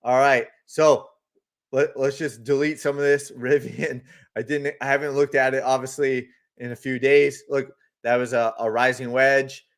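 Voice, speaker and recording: A man's voice: mid-range voice, little pitch movement, moderate pace. A man hosting a live market stream, chatting casually, greeting viewers by name and talking through charts as he goes. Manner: laughs easily, loose and talkative. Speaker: host of a live trading stream.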